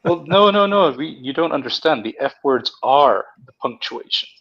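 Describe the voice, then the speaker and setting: A man's voice: fairly high pitch, expressive, normal speed, lo-fi sound. A man joining a live stream over a video call, chatting casually with hesitant fillers and dry jokes. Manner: hesitant, joking.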